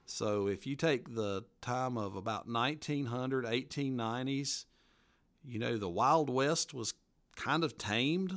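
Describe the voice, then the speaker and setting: A man, an author being interviewed, telling local history in a folksy, rambling way. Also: mid-range voice. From western North Carolina mountains. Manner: folksy, rambling, laughs at his own stories. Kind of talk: casual storytelling interview.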